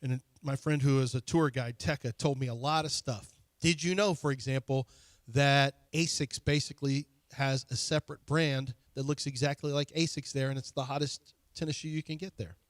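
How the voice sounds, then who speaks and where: A man's voice: mid-range voice, fairly even intonation, no echo. A man co-hosting a sports talk radio show, bragging and teasing in casual banter from the studio. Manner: boastful, teasing, quick retorts.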